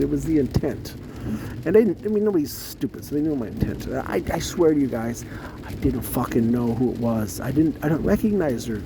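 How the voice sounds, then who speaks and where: A man's voice: fairly high pitch, vocal fry, noisy background. A man telling a rambling, profane personal story in a casual vlog, full of fillers and restarts.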